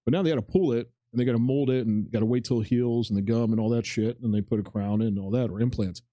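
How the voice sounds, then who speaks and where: Quick-paced and steady in tone, this man's mid-range voice comes through a dry, lo-fi recording. He's a forties-aged podcast co-host telling a meandering anecdote in casual chat, voicing the other people's lines and cursing freely.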